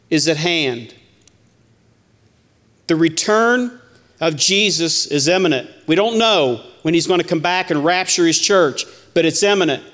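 A man's voice: on the high side, fairly bright tone, in a large hall. A man teaching a Bible study in sermon style, reading scripture aloud and repeating key lines to the church.

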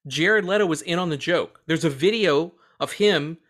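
A man co-hosting a casual movie podcast, excitable, swearing freely and laughing often as he talks. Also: a little high, normal speed. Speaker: podcast co-host.

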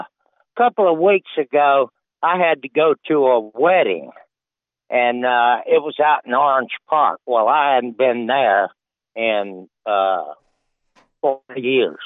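A man's voice: medium pitch, slow, dry recording. An older man calling in to a radio show, rambling in a folksy way. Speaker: caller. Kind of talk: phone-in chat. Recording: tinny phone line.

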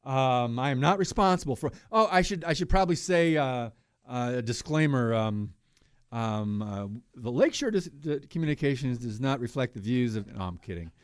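A man hosting a Christian talk radio show, giving heated, preachy commentary that swings between loud outbursts and quiet asides. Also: medium pitch, expressive, normal speed, clean tone, no echo, studio quality.

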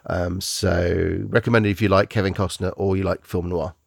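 A man's voice: sits low, steady tone, normal speed, creaky, no echo, clean studio sound. A man hosting a podcast, reviewing films in casual, rambling chat, often restarting and searching for words.

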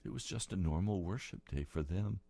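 A man preaching a sermon, retelling scripture dramatically and building to loud, passionate peaks. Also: low-pitched, normal speed, vocal fry, breathy edge, no echo.

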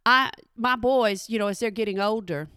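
Casting: middle-aged woman, playful chat host, bright and fairly high, dry close sound. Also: normal speed, smooth, no echo. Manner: chatty, playful, asks the audience questions. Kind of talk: casual comedic talk to an audience.

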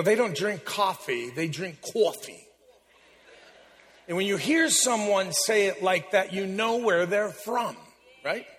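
A man, preaching a sermon as a guest speaker in a large church, joking and emphatic. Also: high voice. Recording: long church reverb, faint music.

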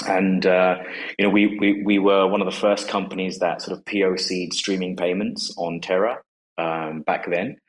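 A man's voice: sits low, flat delivery, moderate pace, rough recording. A man in his forties talking casually as a guest, hesitant and full of fillers and restarts. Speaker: guest, company co-founder. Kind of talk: casual conversation on a live audio space.

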